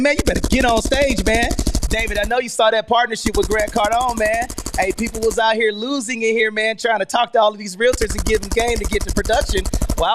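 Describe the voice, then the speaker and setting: An American man hosting a live online room, talking in a hyped, loud, energetic way and saying "man" after almost every line. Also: high voice. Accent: American English. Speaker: host.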